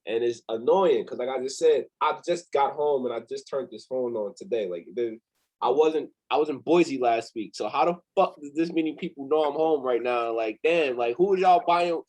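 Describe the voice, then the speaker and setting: Animated young man telling a story. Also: mid-range voice, moderate pace, rough recording. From New Jersey. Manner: animated, swears freely, acts out quotes. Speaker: interview guest, company founder. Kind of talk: casual storytelling.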